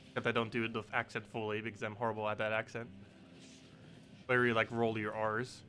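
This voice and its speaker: A man's voice: mid-range voice, brisk, sharp tone, soft background music. Laid-back chatty man streaming. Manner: laid-back, chatty, answers chat, laughs at own pronunciation. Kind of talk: casual live-stream chat.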